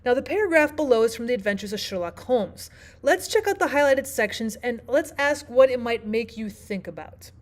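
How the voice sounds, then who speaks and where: A woman teacher narrating a lesson, explaining clearly and asking the listener questions. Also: on the high side, expressive, moderate pace. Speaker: language arts teacher.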